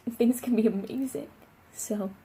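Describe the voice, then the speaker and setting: Woman tarot reader, casual vlog, mellow voice, earnest and encouraging, chatty. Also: a little high, a little slow, husky.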